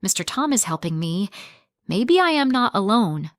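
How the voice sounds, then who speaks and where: A woman narrating a graded English reader story in the first person, with slow, clear, simple phrasing for learners. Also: medium pitch, very animated, no echo, clean studio sound.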